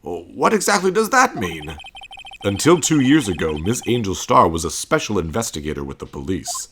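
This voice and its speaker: A man's voice: lowish voice, very animated, moderate pace, fairly bright tone, a little hiss or hum. A man doing a flustered old judge. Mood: formal. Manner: hesitant, easily rattled.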